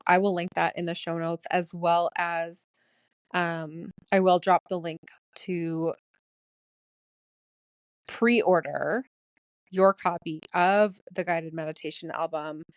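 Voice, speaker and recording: Solo podcast host, woman, rapid and eager, lots of ums, lowish pitch. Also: clear, resonant tone, no echo. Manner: fast-talking, excitable, many ums. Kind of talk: casual solo podcast talk.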